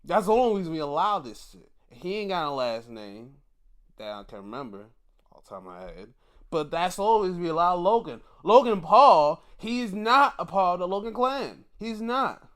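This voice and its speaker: A man does casual commentary reviewing wrestling shows, excitable and foul-mouthed, often faking outrage for effect. His voice is high-pitched and moves at a moderate pace.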